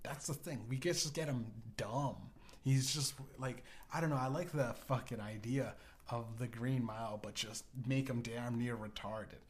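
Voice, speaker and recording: A man's voice: mid-range voice, moderate pace. A man hosting a podcast, spinning a loose, profane story with many restarts and tag questions. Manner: profane, stammering, full of restarts and "right?". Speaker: podcast host. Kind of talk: rambling casual podcast monologue.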